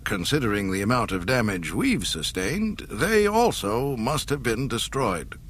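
A man's voice: mid-range voice, very animated, unhurried, a bit bright, a little hiss or hum. A man voicing an anxious male starship captain giving a formal report, hesitant in tone. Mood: uneasy.

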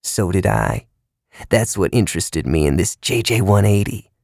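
A man voicing a twitchy male taxi driver who peddles drugs, talking in a hushed, conspiratorial whisper broken by odd high yelps. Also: animated, moderate pace, creaky, no room sound, studio quality, exaggerated voice. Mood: hushed scheming. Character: twitchy hushed male drug-dealing cabbie.

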